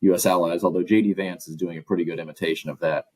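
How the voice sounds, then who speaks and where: Deep husky-voiced measured academic man. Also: fairly even intonation, darkish tone, dry recording, low-quality recording. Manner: measured, analytical, concise. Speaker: guest author and professor. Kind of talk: interview answers.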